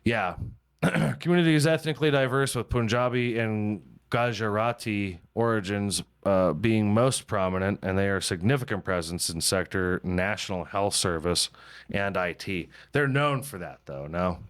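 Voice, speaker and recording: A man's voice: on the low side, moderate pace, smooth. A man hosting a comedy podcast in casual chat, rambling and swearing freely and mocking himself. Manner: rambling, profane, self-mocking. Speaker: podcast host.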